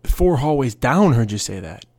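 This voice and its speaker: A man's voice: mid-range voice, very animated, moderate pace, warm tone, no echo. A young man hosting a casual solo podcast, rambling through stories with quoted voices and asides. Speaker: podcast host.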